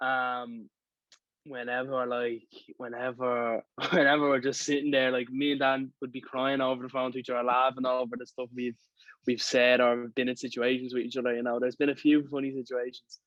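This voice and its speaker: A man's voice: medium pitch, completely flat delivery, moderate pace, a bit bright, dry recording, muffled recording. Young Dublin man, chatty and rambling. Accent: Dublin Irish. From Ireland. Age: young adult. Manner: rambling, full of "you know what I mean". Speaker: guest filmmaker. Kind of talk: casual chat.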